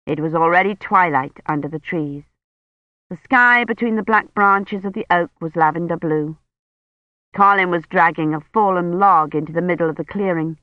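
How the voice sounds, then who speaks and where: A woman reads a novel aloud at a measured, even pace. Her voice sits on the low side, and the recording is dry and a little muffled. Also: no room sound. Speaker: audiobook narrator. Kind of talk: scripted narration.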